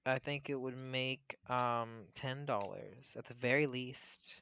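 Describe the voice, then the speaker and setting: A man co-hosting a podcast in casual chat, joking in a dry, deadpan way. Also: mid-range voice, takes it slowly, creaky, slight background noise. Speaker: podcast co-host.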